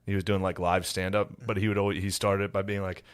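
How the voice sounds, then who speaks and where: A man co-hosting a podcast in casual chat, with a deadpan, ironic delivery and mocking voices. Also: low-pitched, quick pace, clean tone, no room sound. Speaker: podcast co-host.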